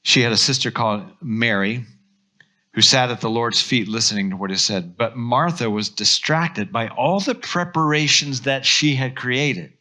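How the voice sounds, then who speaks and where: A pastor with an American accent preaching a sermon, telling stories with lively acted-out quotes. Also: male voice, mid-range voice, moderate pace. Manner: animated storytelling, acts out quotes.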